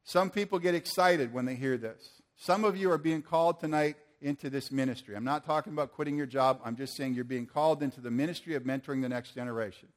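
A man's voice: medium pitch, fast, few pauses. An older man preaching a sermon to a church audience, earnest and asking the room questions.

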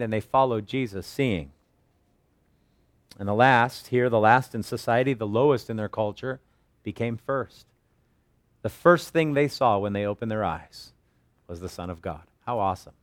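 A man preaching as a pastor, teaching verse by verse and retelling the story with earnest, animated delivery. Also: mid-range voice, no echo, studio quality. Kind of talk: expository Bible teaching.

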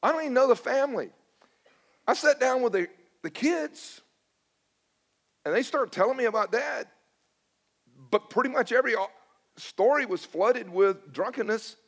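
A middle-aged pastor preaches a sermon in an extremely high, gravelly, slightly bright voice, expressive and at normal speed with long pauses. He tells stories conversationally and self-deprecatingly, acting out his own past dialogue.

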